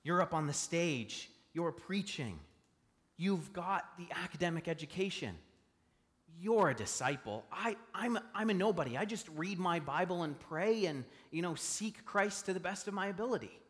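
A man's voice: sits high, expressive, moderate pace, a bit bright, big-room sound, pitched above the performer's own voice. A man voicing an ordinary churchgoer who protests hesitantly that he is a nobody. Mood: doubting. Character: doubtful ordinary churchgoer, self-deprecating.

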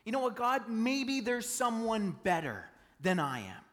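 A man's voice: very high-pitched, big pitch swings, a little slow, a bit bright, big-room sound, pitched above the performer's own voice, full character voice. A man voicing Moses as an anxious, self-doubting runaway shepherd who stammers and pleads.

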